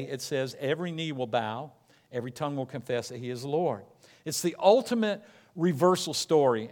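A man preaching a sermon, telling stories in a lively, conversational way and slipping into quick voices for the people in them. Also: on the high side. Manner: animated storytelling, acting out characters in quick asides. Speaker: pastor.

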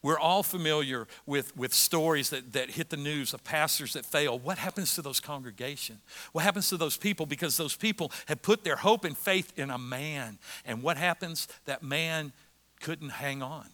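A middle-aged American pastor delivers a sermon in a bright, forceful voice that sits a little high for a man. He swings between quiet, reflective passages and loud, repeated emphasis. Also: normal speed. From United States.

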